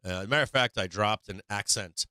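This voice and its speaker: A man's voice: fairly low pitch, quick pace, bright, forceful tone, smooth, dry recording. A man hosting a stock market livestream in a casual, rambling way, full of fillers and restarts. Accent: none, dropped his Boston accent. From Boston.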